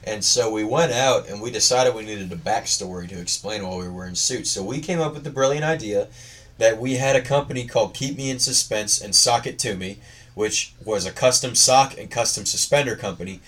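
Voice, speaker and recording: A man's voice: fairly low pitch, brisk, a bit bright. Young man, casual chat, swearing, slightly distant mic. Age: young adult. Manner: loose, profane banter.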